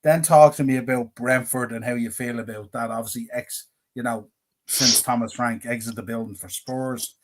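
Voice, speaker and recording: A man's voice: mid-range voice, steady tone, normal speed. A man, co-hosting a casual football podcast and exclaiming often. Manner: exclaims often, repeats phrases. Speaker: podcast co-host.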